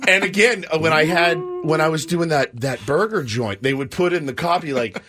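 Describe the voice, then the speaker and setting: A man hosting a morning sports radio show, telling stories in an animated, rambling way and laughing often. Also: a little high, moderate pace, crowd noise. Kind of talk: casual morning radio chat.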